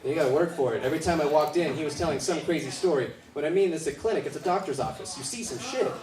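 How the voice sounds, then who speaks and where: A man from Wisconsin doing a stand-up comedy battle set, acting out characters in loud bursts. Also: on the high side, animated, fast talker. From Wisconsin, USA. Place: comedy club stage. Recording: roomy club sound from far off, loud crowd. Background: laughing audience.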